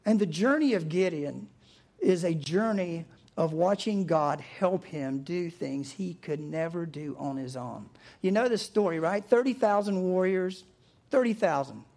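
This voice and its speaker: A man preaching a sermon, who tells the story in a lively, informal way and acts out the characters. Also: sits high, a little slow, creaky. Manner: animated storytelling, acting out quotes, chuckling. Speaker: pastor.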